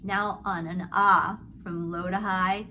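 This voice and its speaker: Slow and unhurried, a middle-aged woman with a mid-range voice coaches a singing lesson over poor audio with slight background noise. She shows vowel slides and sighs, then calmly explains technique in between the sung vowel exercises.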